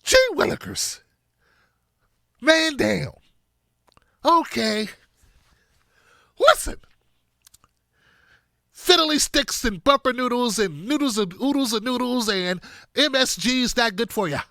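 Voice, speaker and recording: A man putting on a squeaky, folksy woman senator. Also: animated, slow pace, gravelly, pauses often, pushed and bright, no echo, studio quality, full character voice. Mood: chirpy. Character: folksy, chirpy middle-aged female senator.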